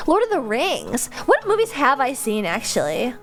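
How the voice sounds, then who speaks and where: A young adult woman chatting casually as a livestreamer, answering viewers' comments in an animated, chatty way with frequent laughter and casual swearing. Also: sits high, moderate pace, hardly any pauses, soft background music.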